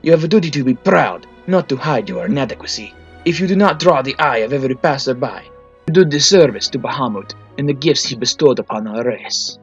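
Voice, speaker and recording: A man's voice: mid-range voice, normal speed, hardly any pauses, dull audio, faint music behind, lightly acted. A man voicing a pompous, preachy male dragonborn paladin in a bad put-on Spanish accent, as a storybook reading. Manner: grandiose, preachy.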